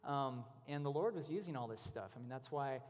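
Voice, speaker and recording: A man's voice: medium pitch, lively intonation, fairly quick, a little mellow. A man giving a conversational testimony at a church event, telling stories with many casual fillers. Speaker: guest speaker. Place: church hall. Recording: long hall reverb.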